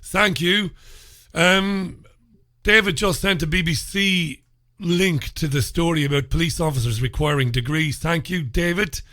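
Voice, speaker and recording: A man with an Irish accent hosting his own talk radio show, chatting alone into a studio mic in an informal, opinionated way. His voice sits a little high for a man. The sound is close and dry, with no room around it. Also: measured pace, sharp tone, dry recording. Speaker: radio host. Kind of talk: solo talk radio monologue. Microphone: studio microphone.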